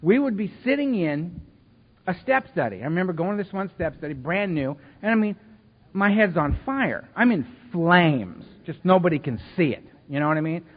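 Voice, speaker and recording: A middle-aged man tells wry, self-mocking stories to a recovery meeting. His voice sits a little high for a man. The sound is dull and lo-fi, with a long reverb tail from the hall. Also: lively intonation, moderate pace, slightly rough. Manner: humorous, self-mocking storyteller with many asides. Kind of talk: recovery talk with personal stories. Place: meeting hall before an audience.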